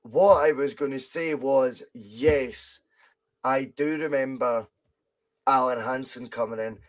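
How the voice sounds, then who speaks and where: A man co-hosting a casual podcast chat, telling stories in an animated way and swearing freely. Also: medium pitch, slow. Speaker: podcast co-host.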